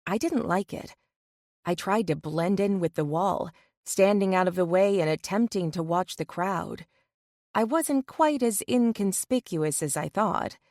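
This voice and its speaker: A woman's voice: lowish voice, lively intonation, measured pace, darkish tone, no echo, clean studio sound. Woman narrating a romance audiobook. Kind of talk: first-person scripted narration.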